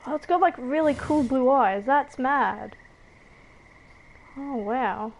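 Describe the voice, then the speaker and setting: A woman's voice: high-pitched, takes it slowly, a little hiss or hum, poor audio. Chatty Australian woman gaming. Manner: chatty, rambling, with frequent giggles and fillers. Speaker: gaming streamer. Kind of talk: casual chat while gaming.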